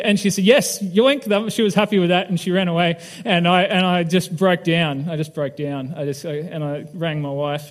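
Male pastor, fairly high voice, candid self-deprecating sermon talk, long hall reverb. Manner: candid, self-deprecating, asks the audience questions. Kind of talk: conversational sermon with personal story.

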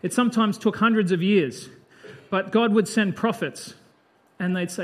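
Speaking at normal speed in a high-pitched voice, a male preacher delivers a Bible sermon in a conversational style. He pauses the reading now and then for chatty, reflective remarks.

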